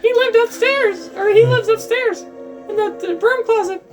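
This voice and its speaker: A man voicing a tiny sentient mold colony that chatters quickly in a very high-pitched, whiny voice. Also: music in the background. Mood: chatty. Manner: quick, fast chatter, says "man" a lot.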